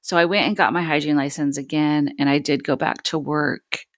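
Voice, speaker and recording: A woman host candidly telling a personal story on a podcast, halting and pausing often. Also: low-pitched, steady tone, no room sound, studio quality. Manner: candid, halting, many pauses.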